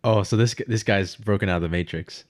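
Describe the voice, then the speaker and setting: A man's voice: fairly low pitch, quick pace. A man hosting a podcast, chatting casually and reacting to a guest's story with short remarks. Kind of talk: casual chat.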